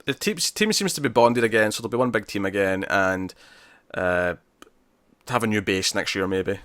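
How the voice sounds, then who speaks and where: A man's voice: on the low side, moderate pace, a bit bright, no echo. Rambling man on a podcast, dry sound. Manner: rambling, lots of likes and laughs. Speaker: podcast co-host. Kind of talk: casual chat.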